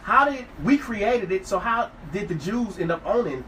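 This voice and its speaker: A man's voice: sits high, expressive, moderate pace, a bit bright, distant mic. A man hosting a show, interviewing his guest in an eager, casual way with frequent agreeing interjections. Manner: eager, apologetic, lots of "right" and "yeah" backchannels. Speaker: radio show host. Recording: noisy room, voice a bit off-mic.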